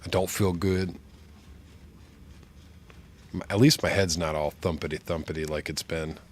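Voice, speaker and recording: Unhurried and steady, a low-voiced man chats and jokes rambling through a gaming stream despite a flu that has his nose blocked and his voice nasal. A slight background noise sits under the recording.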